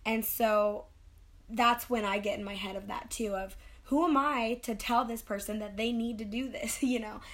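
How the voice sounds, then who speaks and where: A woman's voice: fairly high pitch, fairly even intonation, normal speed. A young woman co-hosting a podcast, speaking candidly and a little self-doubtingly in a rambling casual chat. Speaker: podcast co-host.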